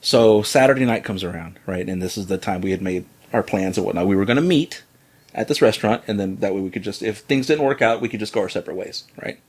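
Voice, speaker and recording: A man's voice: fairly low pitch, quick pace, breathy edge. A man telling a funny personal story in casual chat, acting out the lines of others and laughing as he goes. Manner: animated, breaks into laughter, acts out quotes.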